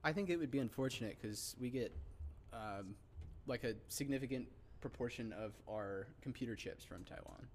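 A young man in a casual podcast chat, talking in a relaxed way and often restarting his sentences. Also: medium pitch, normal speed, slight background noise. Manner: relaxed, hesitant, starts sentences twice. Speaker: podcast co-host.

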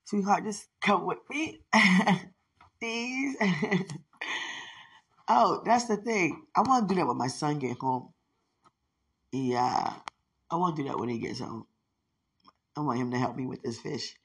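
A woman's voice: on the low side, lively intonation, slow pace, pauses often, breathy edge. A woman rambling to herself in an emotional monologue, sighing and praying aloud as she talks. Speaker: mother talking to herself.

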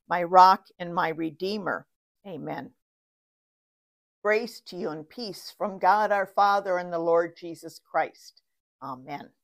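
Woman preaching a sermon, takes her time, calm scripture reading. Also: mid-range voice. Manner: slow, measured reading.

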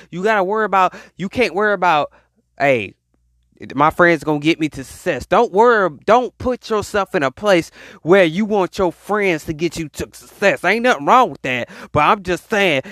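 A speaker giving a rambling, slangy spiritual pep talk in a voice message, preaching with animated emphasis. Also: mid-range voice, no room sound, studio quality. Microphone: voice message recording.

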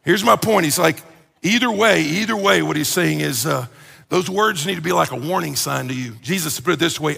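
A man preaching a conversational sermon as pastor, animated and joking, acting out everyday complaints. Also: on the high side, normal speed, creaky, slightly rough, long reverb tail.

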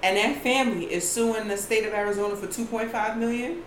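A woman recounting a news story in casual commentary chat, animated and profane. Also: a little high, fairly quick. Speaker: co-host. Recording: echoey room with faint noise.

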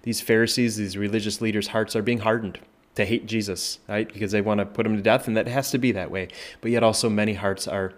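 A man pastor teaching a Bible passage in a conversational way, often asking "right?" and restarting his sentences. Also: lowish voice. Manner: conversational, many "right?" tag questions and restarts, rises when voicing Jesus. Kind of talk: informal Bible study teaching.

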